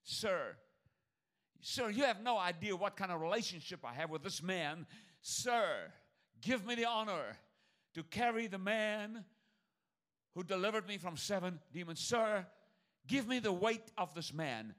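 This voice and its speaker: A man's voice: high voice, animated, measured pace, fairly bright tone. A preacher acting out a pleading grieving woman. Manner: pleading, repetitive, breathless insistence. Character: grieving devoted woman pleading to carry a body.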